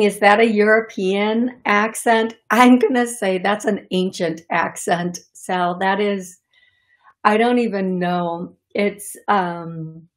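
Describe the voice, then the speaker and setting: Woman psychic host on call-in radio, friendly and unhurried. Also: medium pitch. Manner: friendly, chatty, calls callers "beautiful".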